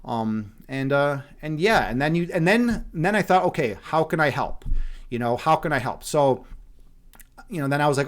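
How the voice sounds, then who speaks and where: A man's voice: on the high side, expressive, normal speed. Rambling man from Chicago, live-streaming. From Chicago, USA. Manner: rambling, many restarts and fillers, frequent swearing. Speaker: streamer, meditation host. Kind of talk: casual live-stream chat.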